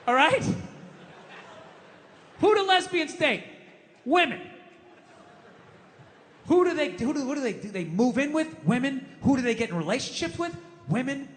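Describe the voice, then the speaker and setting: A man performing a stand-up comedy routine, ranting and swinging between low mutters and loud shouts. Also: big pitch swings, normal speed, pauses often, a little hiss or hum. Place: comedy stage. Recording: live stage with long reverb and faint ambience.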